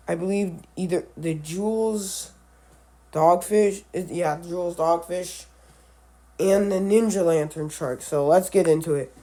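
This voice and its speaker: A man who is a little sick, talking casually through a book about animals, often halting and correcting himself as he goes. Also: high voice, dark tone. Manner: halting, self-correcting, stumbles over names. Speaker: animal video creator. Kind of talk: casual book read-along commentary.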